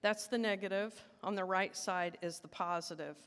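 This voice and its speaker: A woman teaching at a church service, leading the congregation in call and response and stating each "I am" line with slow emphasis. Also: mid-range voice, steady tone, clean tone, long reverb tail. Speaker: licensed Unity teacher giving the talk. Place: church sanctuary.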